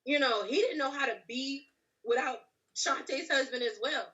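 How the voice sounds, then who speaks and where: Animated laughing woman, bright voice. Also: sits high, moderate pace, far from the mic, muffled recording. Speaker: podcast host. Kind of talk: casual chat, testimony.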